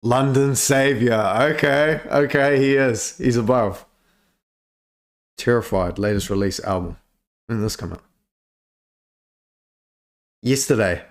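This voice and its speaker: A young man hosting a music reaction video, chatting casually in slang, swearing freely and breaking into excited exclamations. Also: medium pitch, measured pace, pauses often. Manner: slangy, profane, calls viewer bro.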